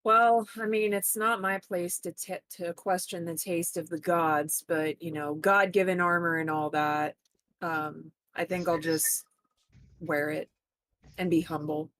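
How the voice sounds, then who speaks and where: A woman's voice: fairly low pitch, steady tone, measured pace, a bit bright. A woman player speaking in character in a tabletop game, wry and playful. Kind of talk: in-character roleplay.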